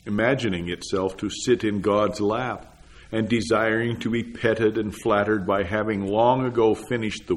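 Slow, low-voiced man reading a sermon. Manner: measured, deliberate reading. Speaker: reader. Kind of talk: read-aloud sermon text.

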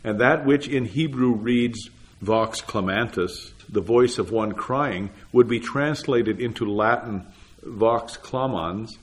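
A man reading an old sermon text aloud in a measured, deliberate way, announcing each paragraph number. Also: on the low side. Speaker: reader.

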